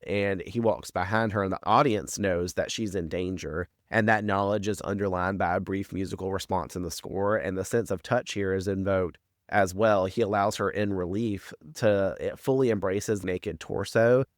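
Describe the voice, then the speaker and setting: A man's voice: sits low, steady tone, normal speed, no echo, studio quality. A man co-hosting a podcast, recapping a TV episode in rambling casual chat full of fillers and swearing.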